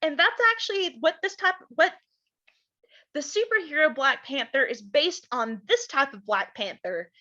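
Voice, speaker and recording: A woman reading a storybook aloud to children, stopping to explain things gently to her young listeners. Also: high voice, expressive, normal speed, highs cut off.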